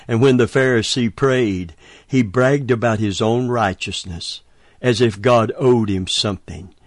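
Slow, deliberate male preacher. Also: medium pitch, dry recording, clean studio sound. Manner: chuckles between points, emphatic preaching. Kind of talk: sermon.

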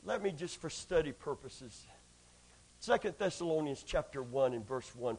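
A man preaching a sermon, swinging between shouted peaks, whoops and hushed passages. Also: fairly high pitch, expressive, normal speed, husky.

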